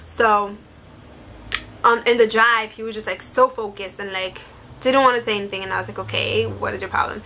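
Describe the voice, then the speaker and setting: A woman's voice: mid-range voice, sharp tone. A young woman vlogger telling a personal story to camera in a casual, chatty way, full of "like" fillers. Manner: chatty, many "like" fillers, quotes others in quick asides.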